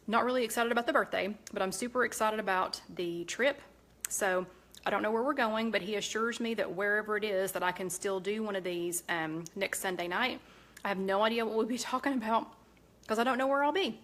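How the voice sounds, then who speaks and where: A middle-aged woman hosting a casual live-stream chat, rambling warmly with many fillers and self-corrections. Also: medium pitch, fairly quick. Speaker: host of a live cooking chat.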